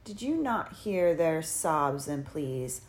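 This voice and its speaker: A woman voicing a sinister ancient male spirit who steals time, speaking slowly with a rasping, coaxing menace in an audiobook. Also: low-pitched, very animated, full character voice. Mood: menacing. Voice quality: rasping, creaking. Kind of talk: audiobook character voice.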